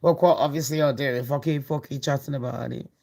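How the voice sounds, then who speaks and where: A woman's voice: a bass voice, steady tone, quick pace, vocal fry, warm tone. Brash sweary woman gossiping. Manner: brash, sweary and laughing often. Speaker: gossip channel host. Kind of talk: casual celebrity gossip chat.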